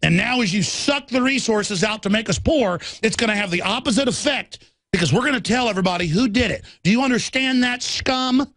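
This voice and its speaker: A man's voice: high-pitched, lively intonation, a little fast, fairly bright tone, dry recording. A man hosting a political radio talk show, ranting in a fiery, combative way from a studio.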